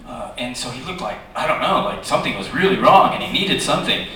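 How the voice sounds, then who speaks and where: Speaking fast, a man appearing as a panel guest at a convention tells an audience a chatty, animated anecdote full of fillers and lively jumps in pitch. The recording was made from the audience, far from him, in an echoey, large hall.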